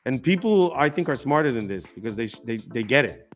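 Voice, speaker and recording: A man's voice: mid-range voice, very animated, a little fast, soft background music. A man hosting a live political stream, giving emphatic, ranting commentary full of restarts.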